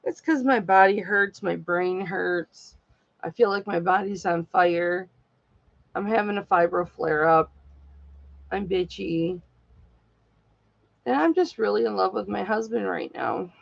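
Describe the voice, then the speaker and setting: A woman's voice: mid-range voice, a little slow, creaky, long pauses, no room sound, highs cut off. A woman talking candidly and at length to her live-stream viewers in a heartfelt, rambling way. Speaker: live-stream jewelry seller.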